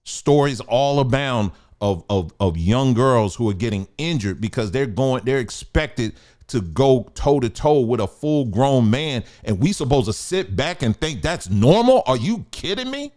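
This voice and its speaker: A man's voice: medium pitch, animated, a little slow, a little mellow. A man hosting a casual commentary show, talking in a blunt, emphatic, colloquial way.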